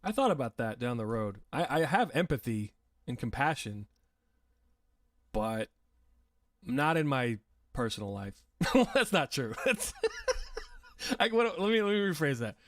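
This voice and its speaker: A man's voice: mid-range voice, very animated, unhurried, long pauses, fairly bright tone, no echo, clean studio sound, far from the mic. A man hosting a casual livestream, reading viewer comments and rambling in a self-deprecating way, laughing often and swearing. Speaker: livestream host.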